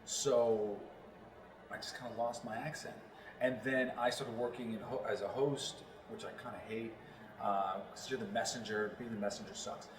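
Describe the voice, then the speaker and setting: A man's voice: mid-range voice, steady tone, moderate pace, crowd noise. A man from New York, a voiceover actor, talking casually as an interview guest and rambling with many fillers. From New York, Long Island. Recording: roomy, distant mic.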